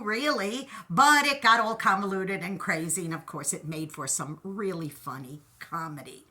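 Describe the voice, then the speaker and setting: A woman host giving an animated, encouraging talk, telling stories and playfully acting out quotes. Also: medium pitch. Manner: animated, storytelling with playful voices. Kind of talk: inspirational talk.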